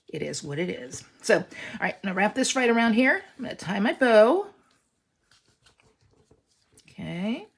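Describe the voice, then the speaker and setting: A woman talks viewers through a stamping project in a casual, chatty demonstration. Her voice has a gravelly edge and swings lively up and down in pitch, and she keeps reassuring her audience as she works. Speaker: online stamping class instructor.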